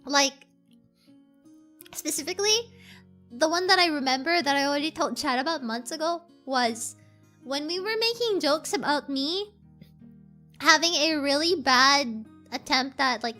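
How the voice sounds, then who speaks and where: Faint music sits under a young woman's bright, forceful, high voice as she streams as a VTuber. She rambles casually with her viewers, full of fillers and giggles.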